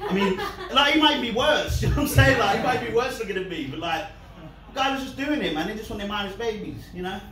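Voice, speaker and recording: A man's voice: sits high, animated, fast, crowd noise. A man doing a rambling, laugh-filled stand-up set and comedy vlog. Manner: rambling, laughing between lines. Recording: echoey, distant mic, noisy background.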